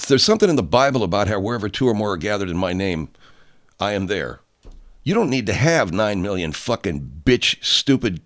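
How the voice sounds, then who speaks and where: Older man, angry profane monologue, low voice with wide swings from shouting to muttering. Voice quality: heavy swearing, loud outbursts. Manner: ranting, rising into shouting then dropping low.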